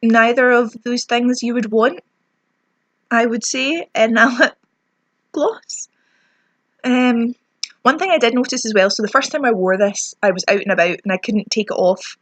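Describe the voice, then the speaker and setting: A woman's voice: a little high, measured pace, pauses often, fairly bright tone, no echo. A young Scottish woman ranting chattily through a lip product review, self-mocking as her lips sting. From Scotland. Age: young adult. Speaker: beauty vlogger.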